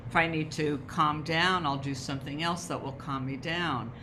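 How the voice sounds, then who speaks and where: A woman's voice: low-pitched, noisy background. A woman talking about rituals and wellness in a conversation, explaining with emphasis. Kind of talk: conversational advice talk.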